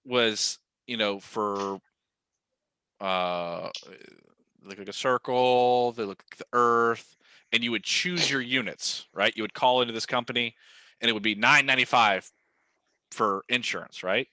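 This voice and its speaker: A man co-hosting a casual chat, telling stories with lively emphasis and repeated words. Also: mid-range voice, unhurried, dry recording. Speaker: podcast co-host.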